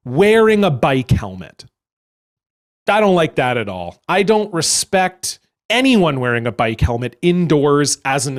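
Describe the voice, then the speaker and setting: A young man telling a story as a stand-up comedian, animated and acting out other people along the way. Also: a little high.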